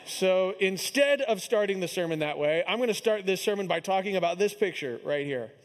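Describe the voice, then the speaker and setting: A man's voice: sits high, expressive, a little fast, long reverb tail. A man in his thirties, a pastor preaching a sermon with humorous storytelling about his young son. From Kansas City area, US. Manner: storytelling, self-deprecating humor.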